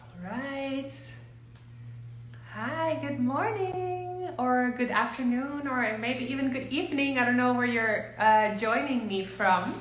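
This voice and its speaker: Bubbly woman doing a live chat, high bright voice, slow easy pace, a bit of room echo. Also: a little hiss or hum. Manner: bubbly, greets viewers one by one. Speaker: livestream host. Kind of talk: casual livestream chat. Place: home, neighbors gardening outside.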